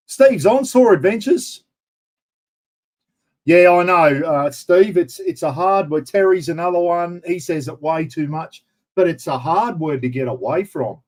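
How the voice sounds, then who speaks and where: A man's voice: a little high, darkish tone. An older Australian man hosting a casual livestream, rambling and greeting viewers by name in broad slang. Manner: broad slang, says bloody often. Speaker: livestream host. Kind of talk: casual live chat.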